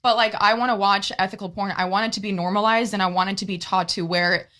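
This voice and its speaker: A woman's voice: medium pitch, steady tone, quick pace, sharp tone. A woman interviewing a guest, speaking earnestly and passionately in long run-on sentences.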